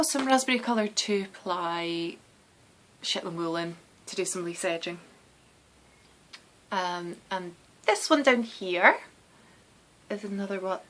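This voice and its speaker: A woman's voice: fairly low pitch, a bit bright, slight background noise, poor audio. A Scottish woman hosting a knitting podcast, chatting casually and meandering with lots of restarts and ums. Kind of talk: casual chat.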